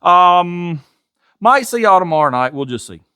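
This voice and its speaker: A man's voice: high-pitched, sing-song, a little slow, bright, forceful tone, clear, resonant tone. A man with a Southern US accent, hosting a casual garage vlog in a folksy, chuckling, self-deprecating way. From Tennessee, USA. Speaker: garage channel host. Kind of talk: casual workshop vlog talk. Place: home garage workshop.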